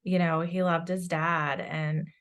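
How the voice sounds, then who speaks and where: A woman's voice: fairly low pitch, level tone, slow pace. A woman psychic medium describing her visions in a loose, rambling way, full of fillers. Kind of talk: channeling session in casual chat.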